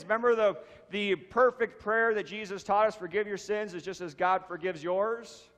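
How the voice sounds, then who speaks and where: A man's voice: sits high, moderate pace, few pauses, a bit bright. A man preaching a sermon, reading scripture and then explaining it with emphatic repetition of key phrases. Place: church sanctuary. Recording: long reverb of a church hall.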